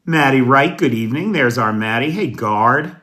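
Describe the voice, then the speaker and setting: An American man hosting a casual livestream news show, greeting viewers by name in a folksy, unhurried way. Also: mid-range voice, lively intonation, bright, forceful tone. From United States. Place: indoors at night.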